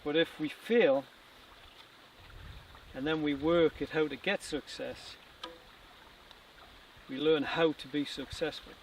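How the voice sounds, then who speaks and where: A man's voice: fairly high pitch, steady tone, takes it slowly, long pauses. A man, an author and archer, giving a reflective outdoor talk about fear of change, speaking in short, spaced phrases. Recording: distant outdoor recording with noise.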